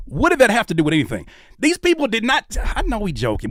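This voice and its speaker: Animated man giving heated reaction commentary. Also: high-pitched, fast, no echo, clean studio sound. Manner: animated, preachy, swears freely. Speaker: rapper and YouTube commentator reacting to clips.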